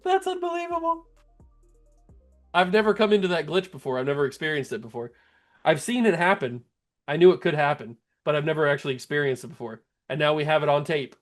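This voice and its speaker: A man hosting a gaming channel, giving play-by-play commentary on his video game, laughing often and yelling in disbelief at glitches. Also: a little high, lively intonation, moderate pace, long pauses, soft background music.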